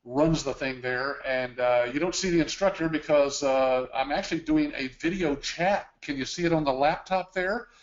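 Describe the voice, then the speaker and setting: A man's voice: on the high side, normal speed, few pauses. Man chatting on a lo-fi video call. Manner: chatty, filler-heavy. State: out of breath. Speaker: webinar co-host. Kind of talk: casual webinar talk. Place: home office. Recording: dull lo-fi video call audio.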